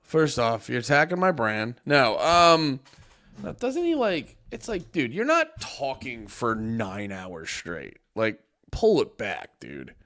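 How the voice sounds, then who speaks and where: A man's voice: medium pitch, very animated, slow pace, a bit bright. A man reacting to a clip on his stream, keeping it loose and jokey, swearing casually and laughing along. His voice sits in an ordinary middle range for a man. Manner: loose, joking, profane, laughs often.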